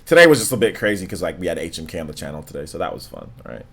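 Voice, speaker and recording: A man hosting a live stream, chatting casually with viewers in a low, monotone, laid-back way, full of slang and filler words. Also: very fast, husky. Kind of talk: casual stream chat, reading donations and comments.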